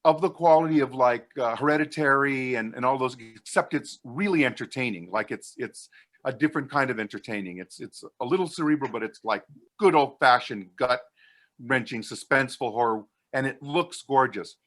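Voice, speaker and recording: A man's voice: medium pitch, normal speed, fairly bright tone. A man chatting casually on a podcast, telling a story with enthusiasm and lots of restarts. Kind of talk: casual chat.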